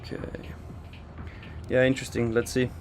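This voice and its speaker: A man's voice: medium pitch, monotone, normal speed, soft background music. Chatty male live trading host. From Switzerland. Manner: chatty, reads out and answers viewer chat while trading. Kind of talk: casual live market commentary. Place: in London for a trading expo.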